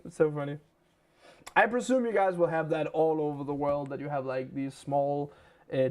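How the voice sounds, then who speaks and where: A young man with a Danish accent, hosting a live game stream in casual, chatty talk and laughing often. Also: fairly high pitch.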